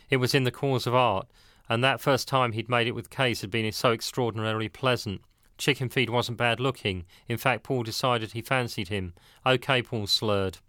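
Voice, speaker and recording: A man narrating an audiobook in an even, measured reading. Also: medium pitch, no room sound, studio quality.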